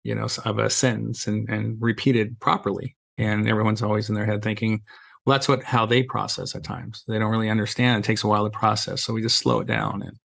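A man's voice: on the low side, little pitch movement, fast talker, vocal fry, fairly bright tone, no echo. A middle-aged man, a guest on a podcast, telling stories casually and acting out bits of dialogue, with lots of "you know" fillers. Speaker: podcast guest, safety trainer. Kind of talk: casual conversational storytelling.

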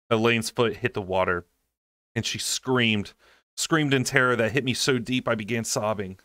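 Low-voiced man reading a novel aloud. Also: a little slow, fairly bright tone, dry recording, clean studio sound. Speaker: amateur audiobook reader.

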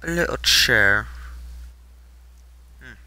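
A man's voice: medium pitch, expressive, drawn-out words, bright, forceful tone, rough recording. A man streaming a game live, talking casually in a laid-back, profane, muttering way, and sounding sleepy. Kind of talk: casual live gameplay commentary.

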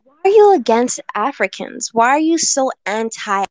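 Caller: high-voiced woman, insistent, demanding answers, poor phone line. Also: very animated, moderate pace, darkish tone, no room sound.

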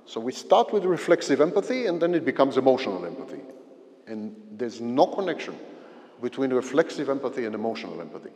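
A man giving a psychology lecture at a university, explaining slowly, repeating key phrases and giving everyday examples. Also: medium pitch, big pitch swings, a little mellow. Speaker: visiting psychology professor. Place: lecture hall. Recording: long reverb of a lecture hall.

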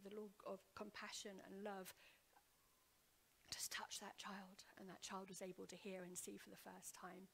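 Gravelly-voiced woman preaching a testimony. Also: medium pitch, flat delivery, brisk, few pauses, a little hiss or hum. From Wales. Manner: earnest, heartfelt storytelling, drops to a hushed whisper then builds loud; repeats words and restarts often. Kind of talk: sermon testimony. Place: church hall.

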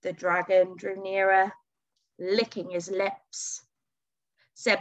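A woman reading a children's storybook aloud for a school, dramatic and expressive, with whispers and gasps. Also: medium pitch, slow pace, pauses often.

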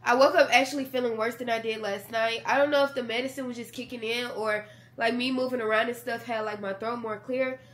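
A woman's voice: a little high, fairly even intonation, fairly quick, a bit bright. A young woman vlogging from bed at home, sick with a sore throat and a stuffy nose, chatting casually to her viewers and calling them y'all. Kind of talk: casual chat to camera. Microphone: camera mic.

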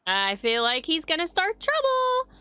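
A woman hosting a reaction video, excitably commenting, gushing and swearing freely. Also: very high voice, a little slow.

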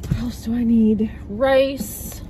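Brief: young canadian woman, chatty vlogger, slightly high voice, faint road hum behind. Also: steady tone, slow. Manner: chatty, laughs often, trails off. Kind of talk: casual vlog chat.

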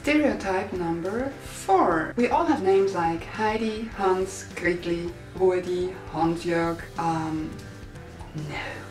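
A young Swiss woman with a Swiss German accent makes a casual, sarcastic vlog, playful and mock-serious in tone. She speaks slowly at a fairly low pitch, in a room with noticeable indoor echo and faint background music.

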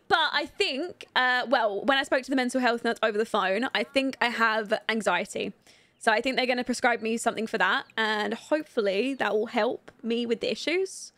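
A young woman streaming a life-sim game, chatting candidly with viewers, rambling with lots of fillers and quick to laugh. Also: a little high, sharp tone, dry recording. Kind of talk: casual live-stream chat while playing.

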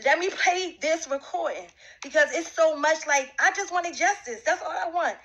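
A woman's voice: high voice, normal speed, fairly bright tone, low-quality recording. A woman addressing someone directly, confrontational and repetitive, repeating her demands with emphasis.

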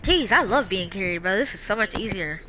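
High-voiced excited teen boy gamer. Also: brisk, noisy background. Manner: playful, teasing, excited callouts. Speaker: streamer. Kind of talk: gaming stream chat.

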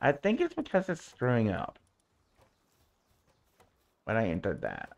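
A man's voice: mid-range voice, huge pitch swings, unhurried, gravelly, pauses often, highs cut off. A man streaming a video game, chatting to viewers and cooing baby talk at his in-game pet. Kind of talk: casual gameplay commentary.

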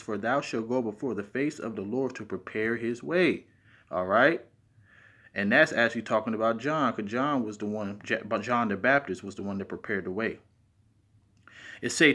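A man's voice: medium pitch, animated, moderate pace, a bit bright, slightly rough. A man with a speech impediment teaching from scripture in a video, stressing key words as he reads verses aloud. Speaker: Bible teacher.

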